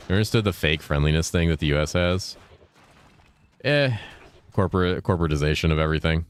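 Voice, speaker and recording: Very deep-voiced laid-back man streaming. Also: slight background noise. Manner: laid-back, profane, reads and answers chat while playing; deliberately enunciated speaking voice, lifted inflection. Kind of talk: casual gaming livestream chat.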